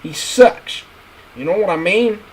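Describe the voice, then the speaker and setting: A man's voice: high-pitched, expressive, measured pace, slight background noise, low-quality recording. A man streaming, ranting bluntly and crudely in a casual, repetitive way.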